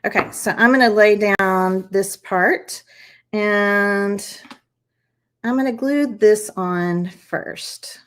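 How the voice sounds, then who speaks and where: A craft channel host runs a live stream, demonstrating each step while she chats. Her voice sits mid-range and she speaks extremely slowly, friendly and encouraging as she walks viewers through the process.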